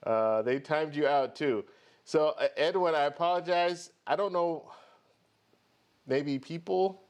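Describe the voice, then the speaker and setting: This man's voice sits a little high, with a clear, resonant tone and a slightly slow delivery. Hosting a travel credit card channel, he chats casually through a live stream on travel rewards, welcoming each viewer by name.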